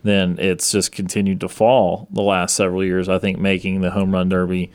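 A man's voice: sits low, monotone, normal speed, smooth. A man hosting a sports talk show, chatting casually and thinking aloud as he goes.

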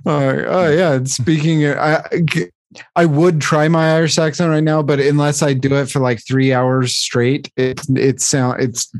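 A man's voice: on the high side, level tone, unhurried, dry recording. Chatty laughing podcast guy, dry sound. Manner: rambling, laughs often, self-deprecating. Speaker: podcast co-host, dungeon master. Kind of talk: casual chat.

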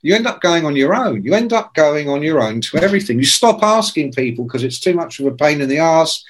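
Here a man in his sixties, a guest in casual storytelling, spins rambling anecdotes laced with swearing and animatedly voices the people he quotes. He sounds on the high side and a little fast, with a faint hiss or hum in the recording.

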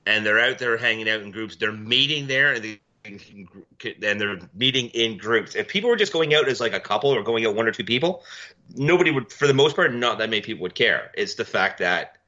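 A man's voice: expressive, fairly quick. A man co-hosting a podcast, telling stories in blunt, profane casual chat and mimicking people he argued with. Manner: blunt, profane storytelling, mimics people in loud high voices. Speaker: podcast co-host. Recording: dull lo-fi audio.

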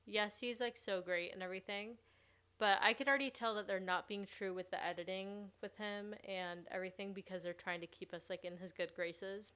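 A young woman hosts a casual recap podcast in a smooth, clean voice. She chats easily and gushes, dropping "like" into almost every sentence. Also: medium pitch, fairly even intonation, a little fast, pushed and bright. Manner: chatty, gushing, full of "like". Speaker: podcast host.

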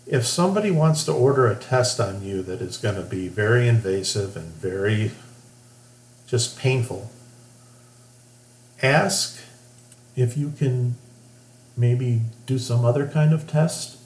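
A man's voice: medium pitch, expressive, measured pace, a little mellow. A middle-aged man hosting a podcast monologue, talking bluntly and plainly about working in medicine. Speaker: podcast host, former medical worker. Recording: echoey room, faint hum.

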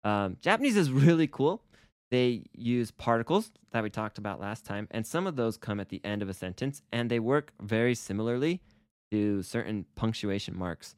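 Low-voiced man teaching casual Japanese. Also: lively intonation, moderate pace, darkish tone, clean tone, no echo, clean studio sound. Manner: upbeat, playful explaining with acted example phrases. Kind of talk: casual language lesson podcast.

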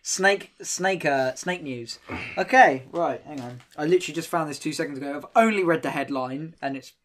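A man's voice: on the high side, normal speed, fairly bright tone. A man co-hosting a podcast, joking and teasing his friends in casual banter. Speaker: podcast co-host.

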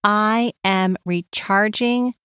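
Very slow soothing woman guiding children. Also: medium pitch, fairly bright tone, clear, resonant tone, no room sound, clean studio sound. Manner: slow, soothing, sing-song chanting. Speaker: podcast host guiding parent and child. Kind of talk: guided calm-down exercise for kids.

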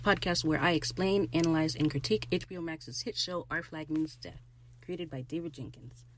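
A woman hosting a podcast, recapping a TV episode in casual chat, excitable and gushing, jumping loud and high when thrilled. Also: normal speed, a little hiss or hum, rough recording. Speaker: podcast host.

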